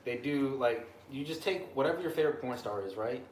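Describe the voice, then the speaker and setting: A man's voice: medium pitch, fairly quick. A man chatting casually as a podcast co-host, swearing freely and telling stories with animation. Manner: profane, animated storyteller. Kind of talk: casual chat. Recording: echoey room with faint noise.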